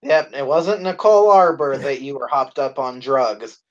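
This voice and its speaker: A man co-hosting a live stream, telling a profane, animated story in casual chat. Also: medium pitch, moderate pace, lo-fi sound.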